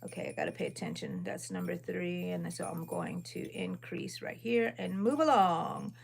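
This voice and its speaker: A middle-aged woman, chatting casually on a livestream as she crochets, relaxed and rambling between chores, her dogs and counting stitches. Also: on the low side, normal speed, vocal fry.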